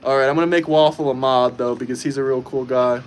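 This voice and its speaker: A man's voice: medium pitch, fairly even intonation, quick pace, slight background noise. A man hosting a casual livestream from his own setup, talking straight to his chat in a combative, mocking way. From United States. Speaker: livestream host.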